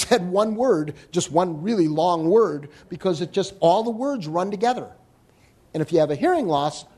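A man giving a live talk to an audience on hearing and listening, explaining in an animated way with joking asides. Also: high voice. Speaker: hearing health lecturer.

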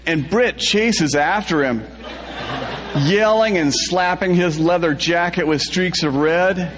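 A man's voice: high voice, slow, a bit bright, big-room sound, a little hiss or hum. A man reading a first-person story aloud, laughing through the telling.

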